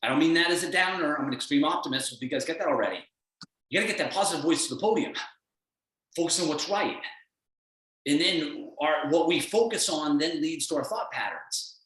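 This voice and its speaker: A man's voice: fairly high pitch, fairly bright tone, heavy reverb, far from the mic, poor audio. A man giving a blunt, emphatic motivational talk as a performance coach on a call.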